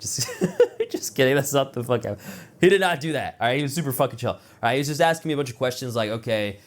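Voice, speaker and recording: A man's voice: medium pitch, expressive, fast. A young man telling a personal story in casual, rambling talk, full of filler words and swearing, acting out the other people in it. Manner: rambling, profane, heavy filler words, laughs at his own jokes; acts out other people's lines in quoted voices. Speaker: vlogger.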